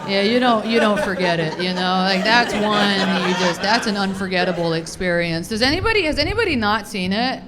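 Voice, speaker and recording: A woman's voice: mid-range voice, expressive, fairly quick, few pauses, crowd noise, noisy background. A woman in her thirties doing a rambling, crude, self-deprecating stand-up set on a comedy club stage.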